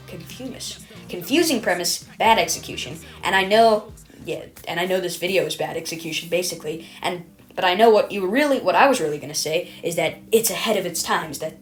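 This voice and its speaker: A woman with a mid-range voice reads her own video essay from a script, rambling and mocking herself as she stumbles over words and corrects herself.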